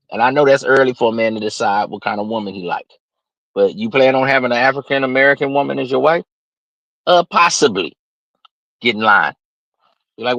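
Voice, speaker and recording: A man's voice: mid-range voice, gravelly, no echo, rough recording. Brash, slightly nasal man ranting. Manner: brash, preachy, swings from loud to muttered asides. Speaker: livestream host. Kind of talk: unscripted livestream rant.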